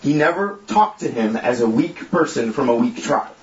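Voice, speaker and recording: In an echoey room with slightly dull audio, a man leads a small group in sermon and prayer. As their leader and preacher, he is casual and joking yet earnest, his mid-range voice carrying lively intonation at a moderate pace.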